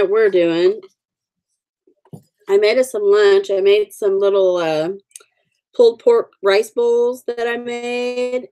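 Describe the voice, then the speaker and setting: A woman's voice: on the high side, darkish tone. A woman in her forties hosting a casual livestream, chatting with viewers in a rambling, friendly way with many fillers. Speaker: livestream host. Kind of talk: casual live chat with viewers.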